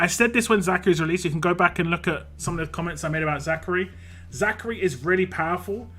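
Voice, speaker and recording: A man's voice: high voice, bright, forceful tone. A man casually streaming a mobile game, reading viewer comments aloud in a playful sing-song and chatting about characters.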